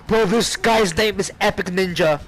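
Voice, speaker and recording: A young man hosting a gaming video, yelling profane trash talk and laughing at his friend. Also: high voice, moderate pace, faint music behind, rough recording. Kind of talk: casual gaming commentary.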